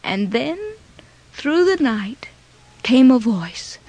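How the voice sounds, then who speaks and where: A woman narrating a children's moral story in a dramatic, expressive way. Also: on the high side, takes it slowly, dry recording.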